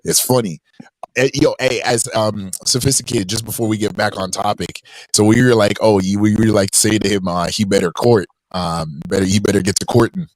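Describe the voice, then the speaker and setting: A man's voice: a little fast, no echo, rough recording. A young adult man hosting a live stream, telling a story in casual slang and quoting people in a raised voice. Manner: animated, slangy, voices quotes in a high pitch. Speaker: podcast host.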